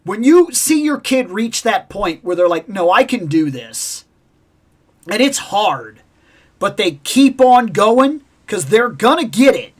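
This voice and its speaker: Animated woman telling a gaming story. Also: on the high side, measured pace. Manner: animated, acts out game sounds and voices; passionate, opinionated about games. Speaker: toy collecting channel host. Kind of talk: casual storytelling vlog.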